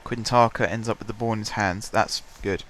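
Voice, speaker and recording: Casual male gamer narrating play, congested and throat-clearing, lowish voice, light background hiss. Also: steady tone, brisk, fairly bright tone. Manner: chatty, self-deprecating, clears his throat often. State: stuffy, blocked-up voice. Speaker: gaming commentator. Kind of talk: casual let's-play commentary.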